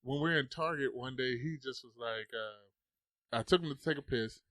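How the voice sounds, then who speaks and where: A man's voice: medium pitch, moderate pace, no echo. A young adult man telling stories in casual chat, swearing freely and acting out the quotes. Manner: animated storyteller, swears freely, acts out quotes. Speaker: podcast host.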